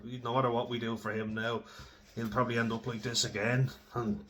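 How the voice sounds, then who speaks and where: A man's voice: medium pitch, level tone, fairly quick, a bit bright, slight background noise. A young Irish man telling candid, sweary stories about his own drinking, casual and self-deprecating. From Ireland. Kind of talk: candid personal storytelling.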